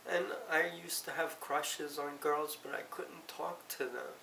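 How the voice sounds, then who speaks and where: A middle-aged woman giving a halting, emotional personal confession, close to tears and often correcting herself. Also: low-pitched, fairly even intonation, creaky, sharp tone. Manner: halting, tearful, self-correcting. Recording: roomy, distant mic, faint hiss.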